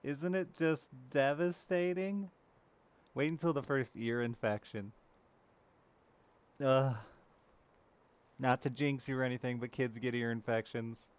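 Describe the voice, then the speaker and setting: A man's voice: mid-range voice, gravelly, clean tone. A man in his thirties chatting casually and candidly with viewers while streaming a game, swearing now and then. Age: 30s. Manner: chats with live viewers. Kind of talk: casual chat while gaming.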